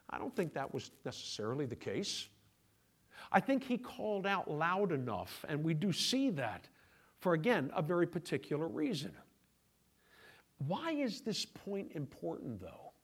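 A middle-aged pastor delivers his sermon in a slightly higher voice. He talks to the congregation as if in conversation, dropping to quiet asides and then pressing his points harder. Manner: conversational preaching, shifting between quiet asides and raised emphasis.

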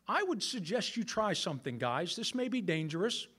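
A man's voice: high voice, very animated, normal speed, a bit bright, husky. A man in his sixties preaching a sermon in a conversational way, talking straight to the men in the room with some self-mocking humor. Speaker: pastor.

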